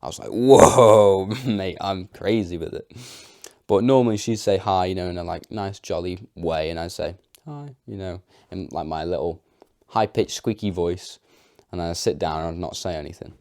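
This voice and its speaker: A man's voice: low-pitched, fairly quick, dark tone, no room sound, clean studio sound. A young man telling a personal story to camera, unscripted and chatty, with lots of fillers. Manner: chatty, filler-heavy, self-deprecating. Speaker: vlogger.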